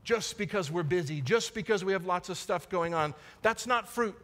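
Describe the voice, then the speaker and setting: A man's voice: sits high, normal speed, a bit bright. A man, a pastor, preaching a sermon in an earnest way and repeating key lines for emphasis. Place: church sanctuary. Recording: long church hall reverb.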